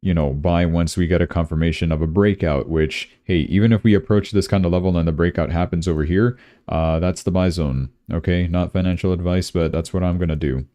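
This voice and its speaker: A man's voice: deep voice, steady tone, a little fast, warm tone, no echo. A young man from Canada, hosting a crypto livestream in a rambling, casual way and often saying "dude".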